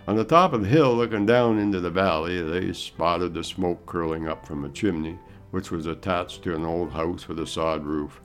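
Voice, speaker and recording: A man's voice: low voice, soft background music. A man narrating a story in an easy, folksy manner. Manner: folksy, unhurried.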